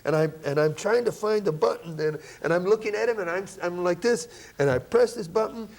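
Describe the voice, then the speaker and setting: Animated middle-aged man telling stories. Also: high-pitched, brisk, vocal fry. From Buffalo, New York, USA. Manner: animated, laughing storyteller who acts out quotes. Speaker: guest musician, jazz saxophonist. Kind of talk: casual anecdotal storytelling.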